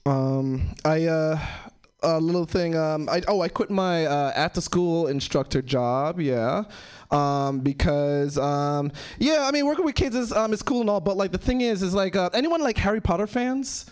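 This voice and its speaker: A young man performing a stand-up comedy set, rambling and halting with many fillers, breaking into sudden high-pitched outbursts. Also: a little mellow, clean tone.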